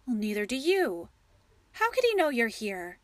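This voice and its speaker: A woman reading the lines of a gentle, patient farmer husband who softly soothes his wife. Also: fairly high pitch, very animated, moderate pace, dry recording. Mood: soothing.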